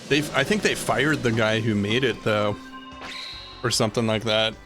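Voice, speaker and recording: A man's voice: lowish voice, normal speed, over music. Rambling, laid-back male game streamer. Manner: rambling, loose, full of "like" and "uh". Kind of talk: casual live-stream chat while gaming.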